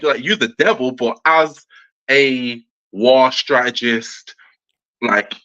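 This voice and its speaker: Laid-back bright-voiced man. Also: mid-range voice. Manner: laid-back, halting, repeats words. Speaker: podcast co-host. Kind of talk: casual chat. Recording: slightly dull, lo-fi sound.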